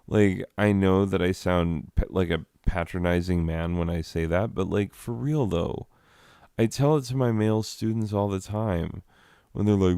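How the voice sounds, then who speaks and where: A man with a low, smooth voice talking slowly through a loose comedy commentary. He rambles and sounds exasperated, leaning on "like" over and over. The sound is close and dry. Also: dark tone, no echo. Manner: rambling, exasperated, lots of "like" fillers. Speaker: comedy commentator reading slides.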